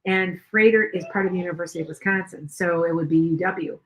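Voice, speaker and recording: The host of this tarot livestream is an older woman whose voice sits on the low side, with a steady tone and quick pace. Her casual talk rambles with frequent restarts, and the audio is poor.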